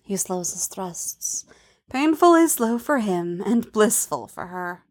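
A woman narrating a romance story in a soft, intimate voice. She takes her time, letting each phrase linger at a slow pace in a middle register. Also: medium pitch, big pitch swings.

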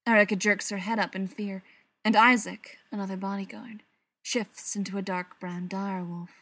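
Female narrator reading a story aloud, soft delivery that often sinks to a whisper. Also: mid-range voice, level tone, normal speed, dry recording. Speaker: story reader.

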